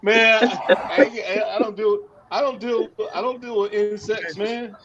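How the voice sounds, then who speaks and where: Animated higher-voiced man telling stories. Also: unhurried, dull audio, over a noisy crowd. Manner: animated storyteller, repeats himself, laughs often. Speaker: podcast host. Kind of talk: casual banter among veterans.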